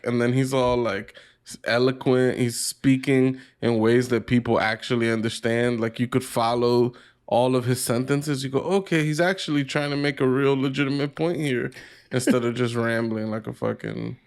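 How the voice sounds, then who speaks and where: Rambling, profane man on a podcast. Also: medium pitch. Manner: rambling, profane, many restarts. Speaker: podcast co-host. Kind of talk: casual chat.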